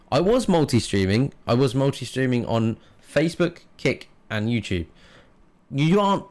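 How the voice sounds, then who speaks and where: A man hosting his own podcast, talking frankly and casually with plenty of fillers and the odd swear word. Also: mid-range voice. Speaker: podcast host and streamer. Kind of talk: casual solo podcast monologue.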